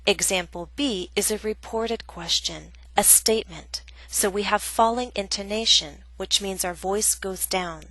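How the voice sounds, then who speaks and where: Slow, deliberate woman teaching English grammar. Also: mid-range voice, sharp tone, no echo, rough recording. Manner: slow, deliberate, clearly enunciated. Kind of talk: scripted instructional narration.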